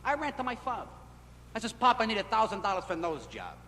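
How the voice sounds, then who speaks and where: High-voiced nightclub comic. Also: male voice, huge pitch swings, quick pace. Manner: punchy storytelling with shifting pitch and loudness. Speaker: stand-up comedian. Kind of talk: nightclub stand-up routine. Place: nightclub stage. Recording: echoey club, scratchy 1960s film audio. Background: audience laughter.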